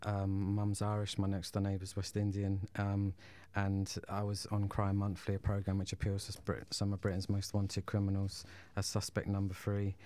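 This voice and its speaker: A man's voice: deep voice, completely flat delivery, moderate pace, few pauses, warm tone. A man who is a guest on a radio show, telling his own story hesitantly, with many ums and restarts. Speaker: guest, former prisoner. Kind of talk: radio interview, personal story.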